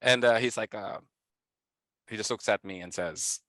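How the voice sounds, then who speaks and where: A man's voice: fairly low pitch, normal speed, a bit bright, no echo. Middle-aged Filipino man, casual interview guest; chatty storyteller, laughs a lot, dry close sound. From Philippines. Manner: chatty, laughs often, many fillers. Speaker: guest, band founder.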